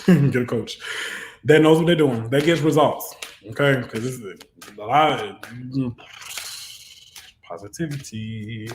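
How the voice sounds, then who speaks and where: A man's voice: mid-range voice, normal speed, pauses often, a little hiss or hum. A man giving an online tarot reading who talks in a preachy, fervent way and often rises into exhortation. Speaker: tarot reader. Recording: roomy echo.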